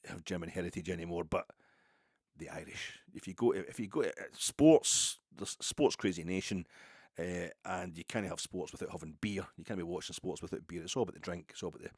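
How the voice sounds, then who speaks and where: A man's voice: low-pitched, a little fast, a little mellow, slightly rough, no room sound, studio quality. A man from Ayrshire with a Scottish accent, telling a rambling, digressive story in a casual monologue. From Ayrshire, Scotland. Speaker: football podcaster.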